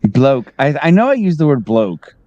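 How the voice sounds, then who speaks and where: Brief: warm-toned man, jokey co-host, muffled dry audio. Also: mid-range voice, sing-song, normal speed, no room sound. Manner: joking, repeats himself. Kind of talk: casual live-stream chat.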